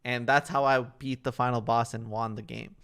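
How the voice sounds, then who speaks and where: A man's voice: mid-range voice, steady tone, normal speed, a bit bright, smooth. A young man co-hosting a podcast, telling stories in a rambling, casual way full of fillers. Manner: rambling, filler-heavy storytelling. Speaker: podcast co-host. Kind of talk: casual chat.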